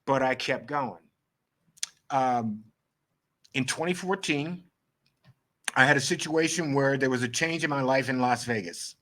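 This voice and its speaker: Animated storytelling man, middle-aged. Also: medium pitch, measured pace, pauses often. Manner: animated, acts out quoted dialogue. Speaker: photographer guest. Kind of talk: storytelling interview.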